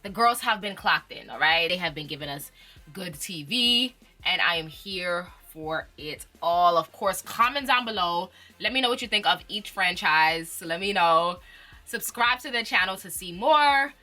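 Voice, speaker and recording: A woman's voice: lowish voice, expressive, moderate pace, pushed and bright, faint music behind. A woman hosting her own channel, reviewing reality TV in a chatty, slangy way and laughing often. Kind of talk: casual chat.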